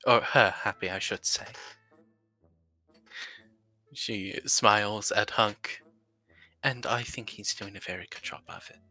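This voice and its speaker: A man's voice: lowish voice, fairly even intonation, takes it slowly, pauses often, sharp tone, faint music behind. A young man playing a tabletop role-play game, earnestly narrating his character's actions.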